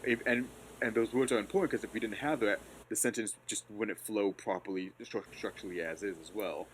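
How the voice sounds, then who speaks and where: A man talking casually about a novel in a rambling, animated way. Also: on the low side, slight background noise. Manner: rambling, animated, quick to laugh. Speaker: podcast co-host or guest. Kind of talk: casual book discussion.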